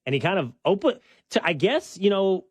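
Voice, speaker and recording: Male talk show host, slightly higher voice, argues his point conversationally, dry close studio sound. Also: normal speed, no echo. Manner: conversational, argumentative, animated when making a point. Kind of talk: opinion talk show discussion.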